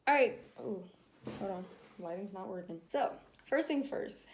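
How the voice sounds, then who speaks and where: A young woman telling a personal story to camera in a casual vlog, animated and laughing as she acts out her own thoughts. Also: medium pitch, unhurried, slight background noise. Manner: animated, laughing, acting out her inner dialogue. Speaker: vlogger.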